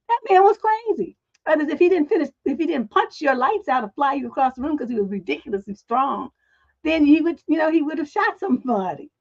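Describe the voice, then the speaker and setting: A middle-aged woman hosting a relationship advice livestream, telling stories in a blunt, profane, animated way. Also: sits high, muffled recording.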